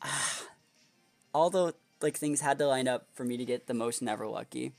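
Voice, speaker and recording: This young man, a competitive game player who creates videos, has a mid-range, creaky voice at a moderate pace, recorded dry with faint music behind. Thinking aloud through a match, he analyzes the opponent and mutters strategy before breaking into exasperated outbursts.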